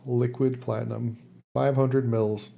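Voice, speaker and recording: A man's voice: mid-range voice, flat delivery, measured pace, vocal fry, warm tone. A man co-hosting a podcast, casually recapping an episode with fillers and laughs. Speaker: podcast co-host summarizing the episode. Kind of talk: casual chat.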